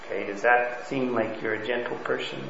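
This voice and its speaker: A man with a mid-range, fairly bright voice speaks steadily at a moderate pace, with some vocal fry and a bit of hiss or hum in the audio. He's giving a conversational Bible lesson, frequently asking his class "okay?" or "right?". The room recording sounds roomy, dull and lo-fi.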